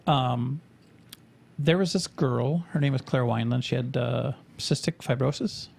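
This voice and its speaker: A man's voice: mid-range voice, measured pace, vocal fry, a little mellow. A man co-hosting a podcast, chatting casually in a rambling, profane, joking way. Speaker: podcast co-host.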